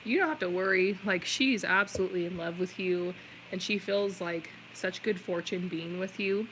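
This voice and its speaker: A woman's voice: on the low side, normal speed, slight background noise, poor audio. Chatty woman giving a tarot reading. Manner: chatty, warm reassurance with many "like" fillers. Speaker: tarot reader. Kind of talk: live-stream tarot reading.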